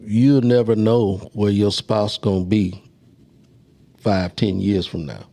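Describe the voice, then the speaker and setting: A man co-hosting a relationship talk show, speaking in a relaxed, conversational way. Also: on the low side, slow, creaky. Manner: relaxed, conversational, some restarts. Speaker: co-host.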